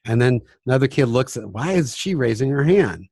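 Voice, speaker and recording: A man's voice: mid-range voice, animated, brisk, breathy edge, dry recording, studio quality. A man, a music teacher, giving a casual talk on classroom behavior, chatty and self-deprecating. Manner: chatty and self-deprecating, often demonstrating by dropping to a hushed voice. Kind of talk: casual instructional talk with acted classroom examples.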